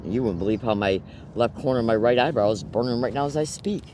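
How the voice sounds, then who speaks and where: A man with a medium-pitched voice talks quickly to the camera, background noise audible behind him. His monologue is agitated and emphatic, full of rhetorical questions aimed at viewers and punctuated by nervous laughter.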